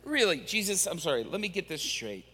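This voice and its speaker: A man's voice: high voice, very animated, fairly quick, bright, forceful tone, husky, in a large hall, voice pushed down, heavily acted. A man voicing Peter as an exasperated, sarcastic fisherman.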